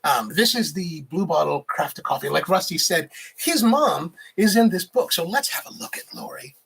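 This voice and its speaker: Very husky, gravelly-voiced man chatting. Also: on the high side, lively intonation, moderate pace, a bit bright. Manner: rambling, reads viewer comments aloud. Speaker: livestream host, barista. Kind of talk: casual livestream chat.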